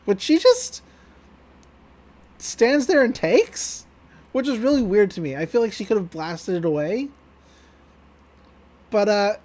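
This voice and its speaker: A man's voice: high-pitched, a little mellow. A man co-hosting a podcast, retelling an anime episode in a loose, joking way with frequent laughs and casual swearing. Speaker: podcast co-host.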